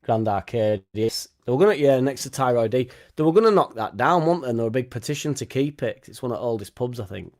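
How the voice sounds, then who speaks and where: A man's voice: medium pitch, lively intonation, quick pace, few pauses, darkish tone. Chatty man swearing on a live stream. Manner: swears freely, chatty, tag questions like innit. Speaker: fan channel host reading live chat. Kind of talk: casual live-stream chat.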